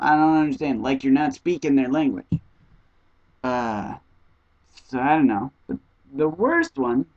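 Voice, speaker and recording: A young man, an exchange student, telling stories to the camera in an animated, casual vlog style, acting out conversations in high squeaky voices. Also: no echo, highs cut off.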